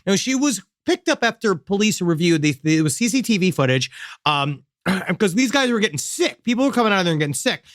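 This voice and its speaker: A man co-hosting a casual comedy podcast, riffing excitably and joking as he reads stories aloud. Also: high voice, a little fast, no echo, clean studio sound. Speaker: podcast co-host.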